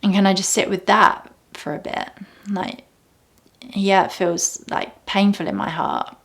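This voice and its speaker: A young woman talking casually and reflectively about meditation, often dropping to soft near-whispers. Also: medium pitch, steady tone, measured pace, creaky. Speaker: meditation teacher.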